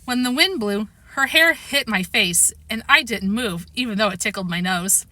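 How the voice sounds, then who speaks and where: Animated woman reading a storybook. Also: on the high side, moderate pace, no echo. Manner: expressive, animated. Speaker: reader.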